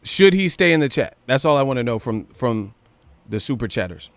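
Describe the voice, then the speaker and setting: A man hosting a boxing news livestream, ranting casually with profanity and rapid rhetorical questions. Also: mid-range voice, sing-song, no echo.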